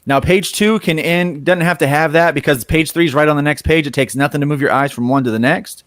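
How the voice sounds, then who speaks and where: A man's voice: on the high side, a little fast, a bit bright. A male comics creator speaks on a panel in a loose, rambling way, full of restarts and fillers. The sound is dry and close, with no room echo. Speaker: comic book writer and artist on a panel. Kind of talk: casual panel talk.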